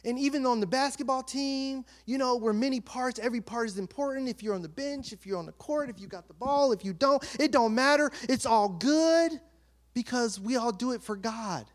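A male pastor preaching a sermon, reading scripture and telling a personal story with animated, shifting delivery. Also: very high voice, normal speed. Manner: animated storytelling, shifting between soft and loud.

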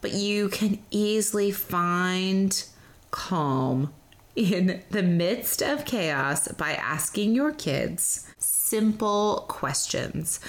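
A woman hosting a parenting podcast, talking in a casual, upbeat way and sometimes slowing down or going soft for emphasis. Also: fairly low pitch. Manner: upbeat, chatty, slows down for emphasis. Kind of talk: casual solo podcast talk.

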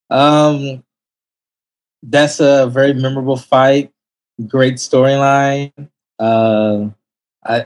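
Brief: male panelist, mid voice, eager and talkative. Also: medium pitch. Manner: enthusiastic, explains at length. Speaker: podcast panelist. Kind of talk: casual chat.

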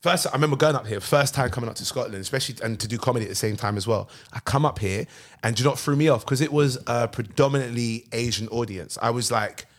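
A man with a London accent, hosting a podcast and telling stories in animated, slangy casual chat. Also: mid-range voice, quick pace. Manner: animated storytelling with slang like bruv. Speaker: podcast host.

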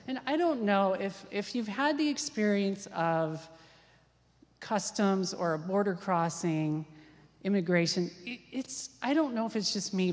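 Woman preacher in a reverberant hall. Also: mid-range voice. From Ohio, USA. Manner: lively anecdotal, self-deprecating, quick asides. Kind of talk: sermon storytelling.

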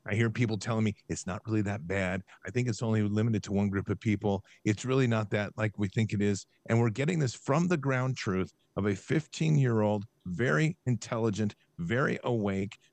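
A man's voice: lowish voice, normal speed, hardly any pauses, a little mellow, dry recording. Emphatic ranting male podcast host. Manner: ranting, emphatic, reads scripture aloud. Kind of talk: impassioned podcast talk.

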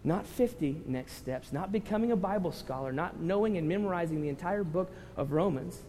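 A man preaching a sermon, his voice sitting high and carrying through a long, reverberant church hall. He talks with the congregation conversationally, then swells into loud, impassioned runs, with a faint hum of ambience underneath. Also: lively intonation, fairly quick. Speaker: pastor.

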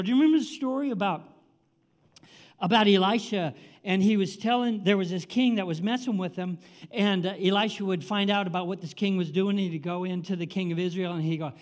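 A man's voice: high-pitched, a little fast. A man in his seventies preaching a sermon in a conversational, exclamatory way, with casual asides. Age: 70s. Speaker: pastor.

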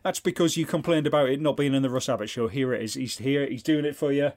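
A man's voice: mid-range voice, quick pace, darkish tone, dry recording. A man co-hosting a casual comedy chat, making dry, sardonic and sweary remarks. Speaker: podcast co-host.

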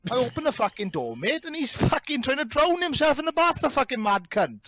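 A man's voice: extremely high pitch, very animated, fairly quick, fairly bright tone. A Welsh man telling wild stories as a podcast guest, swearing heavily, laughing and calling everyone mate. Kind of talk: casual storytelling chat.

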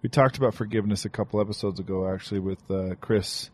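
Husky low-voiced man hosting a podcast. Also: fairly even intonation, fast talker. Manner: reflective, gently preachy. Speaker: podcast host. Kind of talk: casual chat.

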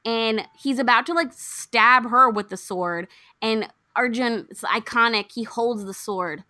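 A young woman casually recapping a film plot, acting out the characters' lines with lively swings. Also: fairly high pitch, measured pace, no echo, clean studio sound. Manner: animated storyteller, acts out characters' lines. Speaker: podcast co-host recapping a film. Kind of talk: casual chat.

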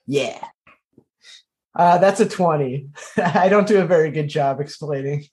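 A man's voice: fairly high pitch, a little slow, a little mellow. A man playing a knight in a tabletop role-playing game, rambling and self-deprecating as he talks things through. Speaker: player. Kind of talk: casual tabletop play chat.

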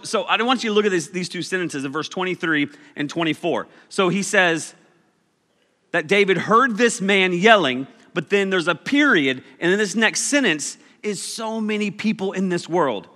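Animated preacher man in a reverberant hall. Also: high voice, moderate pace. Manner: joking, animated storytelling. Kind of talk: casual sermon.

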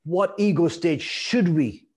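A man's voice: fairly high pitch, takes it slowly, darkish tone, husky. A man in middle age runs a sales training session. He talks in a chatty, storytelling way, laughs along as he goes, and slips into little acted voices for the people he quotes. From Ireland. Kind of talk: lecture to a live group.

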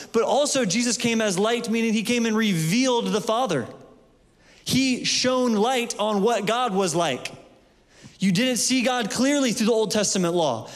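A man with a high voice preaches with passion, talking to the congregation in a casual way and joking between points. The sound rings out with the long reverb of a church hall. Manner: passionate, conversational preaching with jokes. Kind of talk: sermon.

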